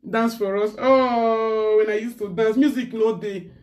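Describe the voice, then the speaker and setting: A woman's voice: on the high side, steady tone, measured pace, darkish tone, far from the mic. A woman with a Nigerian accent ranting in casual chat as a live-stream host, slipping pidgin into her English.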